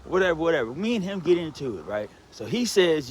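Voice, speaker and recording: A man's voice: quick pace, breathy edge. A man telling a personal story in a rambling, casual way, checking in with "right?" and "you know what I'm saying" as he goes. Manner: animated, swings from low mutters to excited outbursts.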